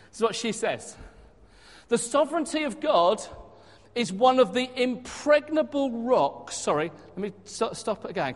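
A man from southern England preaching a sermon, animated, with sudden dramatic swings in loudness. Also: high-pitched. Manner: animated, dramatic shifts in loudness when acting out quotes. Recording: long hall reverb.

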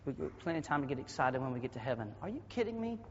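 A man from the American South with a Southern accent, preaching a sermon as pastor with a husky voice, dropping to quiet asides and then bursting into loud shouted passages. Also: mid-range voice, sing-song, very fast, a little hiss or hum. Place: church sanctuary. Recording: dull audio with long hall reverb.

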